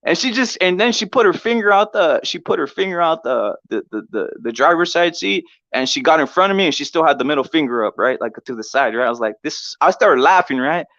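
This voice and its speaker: A male boxing show host with a voice pitched a little above most men's. He talks in a loose, profane, rambling way and keeps checking in with "right?" The recording is dull and lo-fi, with a dry, close sound. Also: expressive, a little fast, few pauses, fairly bright tone, no room sound. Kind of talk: casual storytelling.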